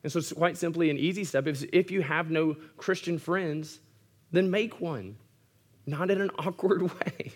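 A man's voice: a little high, normal speed. A male pastor delivering a sermon earnestly, with occasional wry humorous asides.

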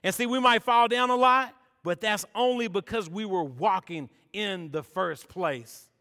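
A young man preaching a sermon, chatty and energetic, tossing in "man" and "all right?" as he tells stories. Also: high voice, a little slow, clear, resonant tone. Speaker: pastor. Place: church sanctuary. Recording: long reverb of a church hall.

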